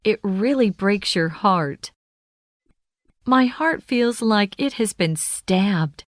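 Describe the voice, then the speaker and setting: Woman reading practice phrases at an unhurried pace, mid-pitched, dry close sound. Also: expressive, dry recording. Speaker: phrase reader.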